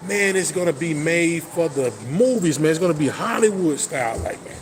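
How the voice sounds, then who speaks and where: A man hosting his own football talk show, full of boastful hype and playful trash talk. His voice sits a little high, and a faint hum of ambience runs underneath. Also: animated, normal speed. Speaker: sports talk host. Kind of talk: casual sports chat.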